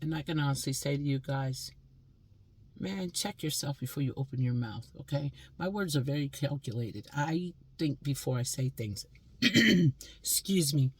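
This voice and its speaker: A woman's voice: a bass voice, moderate pace, a little mellow, slightly rough. A woman in her sixties from Pennsylvania, delivering a blunt, profane, scolding monologue as a vlogger. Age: 60s.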